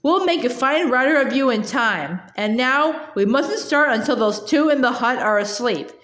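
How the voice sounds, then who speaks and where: A woman voicing a proud male talking war horse, haughty and brisk with the boy he is talking to, in a roomy-sounding recording. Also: high voice, animated, fairly bright tone. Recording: roomy echo.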